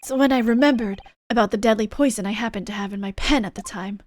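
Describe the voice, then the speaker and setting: A woman's voice: on the high side, fast, a little mellow, no room sound, natural voice. A woman voicing a sly young male reporter in a game, confessing earnestly and flaring up defensively.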